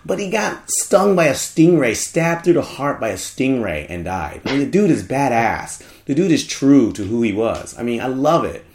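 A man's voice: medium pitch, big pitch swings, normal speed, few pauses, darkish tone, slight background noise. A man hosting a podcast in casual chat, joking and rambling, often trailing off while he hunts for words. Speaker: podcast host.

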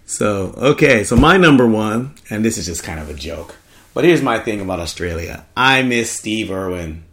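A man's voice: lowish voice, expressive, normal speed, a bit bright. A man hosting a podcast in casual chat, joking and rambling, often trailing off while he hunts for words. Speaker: podcast host.

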